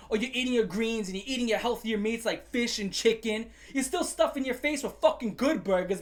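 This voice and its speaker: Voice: mid-range voice, normal speed, hardly any pauses, a bit bright. A commentary host ranting angrily, swearing often and repeating phrases for emphasis. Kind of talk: profane angry rant.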